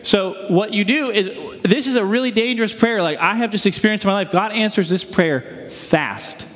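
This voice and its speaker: A man's voice: high-pitched, moderate pace, fairly bright tone. A male pastor giving a sermon in a casual, conversational way with slang and rhetorical questions, in a church. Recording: long hall reverb.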